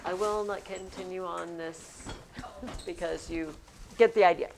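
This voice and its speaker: Slow-paced woman teaching poetry. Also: fairly low pitch, creaky, background noise. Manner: animated, reads verse aloud, chants rhythm syllables. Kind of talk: classroom poetry lesson.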